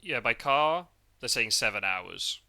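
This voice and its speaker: A man from the UK hosting a podcast in a relaxed, rambling chat, full of fillers and restarts. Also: medium pitch, a little slow, gravelly. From United Kingdom. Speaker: podcast host. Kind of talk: casual chat. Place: parked car.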